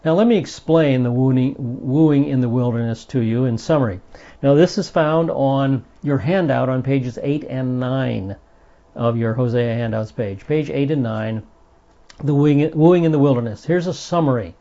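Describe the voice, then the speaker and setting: A man's voice: medium pitch, unhurried, warm tone. A man giving a Bible study lesson in an earnest, emphatic way, stressing the passages he reads aloud. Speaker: Bible teacher. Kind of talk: recorded Bible study teaching. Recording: dull lo-fi recording.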